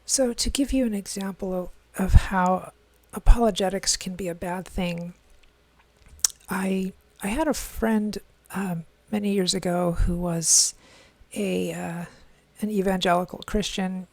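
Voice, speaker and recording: A woman's voice: medium pitch, fairly even intonation, a little slow, vocal fry, darkish tone, no echo. A woman hosting a podcast, giving a casual monologue of commentary and thinking aloud with many fillers and restarts. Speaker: podcast host.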